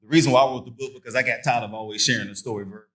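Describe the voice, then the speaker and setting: Male motivational speaker, middle pitch; loose and conversational, keeps the audience engaged with questions. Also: steady tone, fairly bright tone. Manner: casual, crowd-engaging, rapid questions. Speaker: guest speaker and author. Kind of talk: motivational talk to men. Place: conference hall with an audience.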